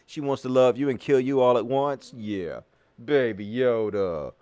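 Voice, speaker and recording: A man's voice: medium pitch, a little slow, a little mellow, clean tone. A man hosting a live commentary show, ranting sarcastically and swearing a lot. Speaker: host.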